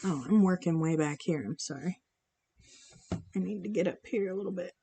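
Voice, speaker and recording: Her voice sits on the low side, dark and a little rough, moving at a moderate pace. She's a charity stream host who paints as she reads viewers' comments, laughing and talking casually with them.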